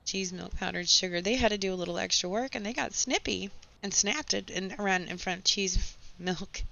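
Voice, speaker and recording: Hoarse gravelly woman. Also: mid-range voice, moderate pace, sharp tone. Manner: venting, sarcastic asides. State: hoarse, voice nearly gone. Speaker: gaming channel host. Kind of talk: casual gameplay chat with storytelling. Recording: slightly dull home recording with faint background noise.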